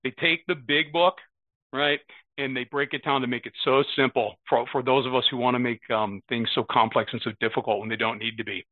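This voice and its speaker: An earnest American man of about fifty talks at a recovery meeting, repeating words and frequently asking "right?". He has a medium-pitched voice, with no room sound and a phone-like, narrow quality.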